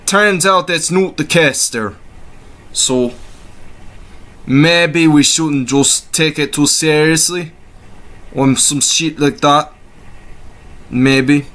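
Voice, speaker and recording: A man's voice: fairly high pitch, slow, pauses often, fairly bright tone. A man hosting comedic meme reactions, exclaiming and laughing in disbelief, sarcastic and swearing freely.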